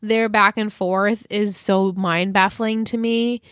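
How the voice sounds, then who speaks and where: A woman co-hosting a podcast, retelling a TV episode in animated, chatty, laughing storytelling. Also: mid-range voice, slow pace, clear, resonant tone, no room sound, studio quality. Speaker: podcast co-host. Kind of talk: casual recap chat.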